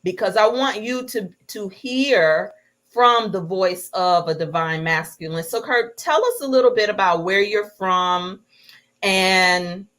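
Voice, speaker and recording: Slow-speaking woman hosting a live interview. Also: mid-range voice. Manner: warm encouraging, addresses viewers directly. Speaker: host.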